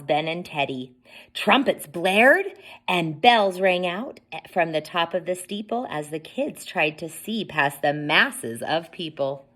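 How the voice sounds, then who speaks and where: A woman reading a picture book aloud at children's story time, expressive and asking the listeners questions. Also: on the low side, slow.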